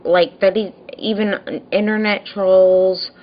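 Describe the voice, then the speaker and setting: Speaking slowly in a mid-range voice, this young woman vlogger recounts her neighbor troubles with weary exasperation. The recording lacks high frequencies, and her telling is lively, full of mocking imitations of what others said.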